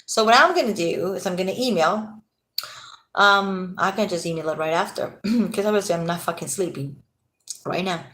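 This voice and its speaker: A woman's voice: fairly low pitch, moderate pace, a bit bright. Tired, agitated woman ranting. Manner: agitated, rambling, swears freely. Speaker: vlogger. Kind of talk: casual rant to camera.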